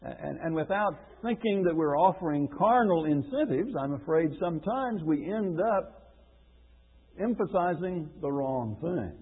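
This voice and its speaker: A man's voice: a little high, expressive, measured pace, breathy edge. A man preaching a radio lesson, earnest and questioning, repeating phrases for emphasis. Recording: phone-like radio broadcast with long reverb.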